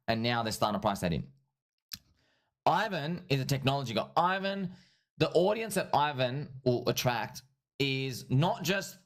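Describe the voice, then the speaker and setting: A man hosting a livestream, giving rambling casual commentary in an excitable, repetitive way and calling his viewers friends and bro. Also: medium pitch. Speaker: livestream host. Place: at home streaming.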